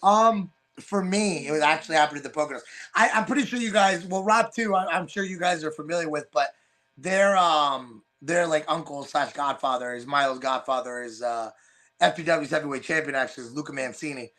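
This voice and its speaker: A middle-aged man, a wrestler, telling lively stories in an interview and laughing as he acts out what others said. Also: fairly high pitch, fairly quick. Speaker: wrestler in a father-daughter tag team. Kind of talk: animated storytelling in an interview.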